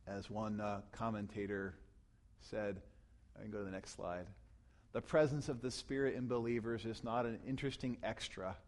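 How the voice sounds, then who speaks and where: A man preaching a sermon as pastor, teaching closely from scripture, rising to loud emphatic peaks and falling back to quiet, low passages. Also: steady tone, normal speed. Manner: teaching tone, explains grammar of scripture.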